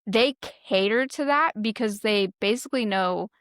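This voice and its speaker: A woman's voice: mid-range voice, moderate pace, dry recording, studio quality. A woman co-hosting a podcast, telling stories in casual chat with lots of swearing and acted-out quotes. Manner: profane, animated storyteller acting out quotes. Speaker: podcast co-host.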